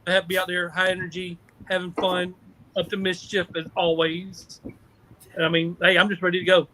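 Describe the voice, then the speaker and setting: A man's voice: high voice, completely flat delivery, brisk, bright, forceful tone, slight background noise, low-quality recording. A man who leads a team, chatting in a boisterous, joking way. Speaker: team commander. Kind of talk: casual chat.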